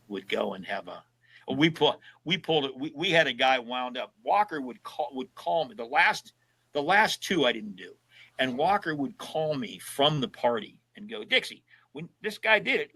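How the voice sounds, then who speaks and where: Gravelly and husky in the mid-range, this man's voice comes through poor audio. As a podcast guest in his seventies, he tells casual road trip stories with animation, voicing the people he quotes himself.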